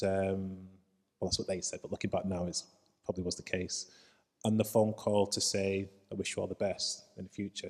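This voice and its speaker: Male panelist, very deep and flat, earnest with hesitations; reverberant hall. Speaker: panel speaker. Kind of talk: personal panel talk.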